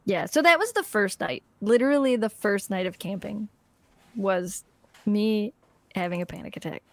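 A woman co-hosting a podcast, telling a story in casual chat, animated and laughing often as she acts out what people said. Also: mid-range voice, normal speed, no echo. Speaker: podcast co-host.

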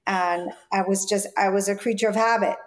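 A woman's voice: medium pitch, a little fast. A woman in her forties from Jamaica with a light Jamaican accent, a stylist telling childhood stories in an interview, acting out the voices of people she quotes. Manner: lively storyteller, acts out quoted voices. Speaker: stylist guest. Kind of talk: interview storytelling.

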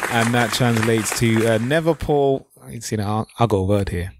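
A laid-back man, chatting as a podcast co-host. He drawls his words at a middling pitch. The room is dry and close. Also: normal speed, dry recording, a faint crowd. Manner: laid-back, drawling, says yes repeatedly. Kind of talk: casual chat.

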